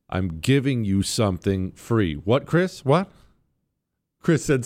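A man's voice: lowish voice, big pitch swings, a little mellow. Sarcastic man hosting talk radio. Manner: combative, sarcastic, emphatic, slows down to stress points. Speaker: radio talk show host. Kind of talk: political talk radio monologue.

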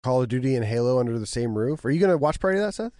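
Quick lively guy chatting with friends, dry close mic. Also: medium pitch, no room sound. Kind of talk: casual chat.

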